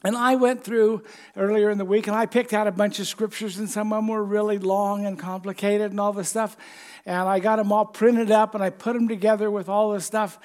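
A man preaching a conversational sermon, telling stories and reading scripture slowly. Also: sits high, level tone, darkish tone.

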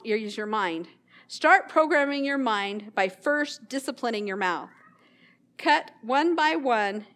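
A woman hosts a casual Christian devotional talk, earnest and self-deprecating, slowing down when she reads scripture. Her voice is on the high side and a bit bright.

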